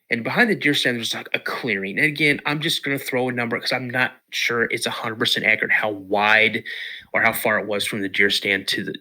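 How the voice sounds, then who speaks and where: Bright-voiced man telling a story. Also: medium pitch. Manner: animated, repeats words and restarts. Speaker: podcast guest. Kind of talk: casual storytelling.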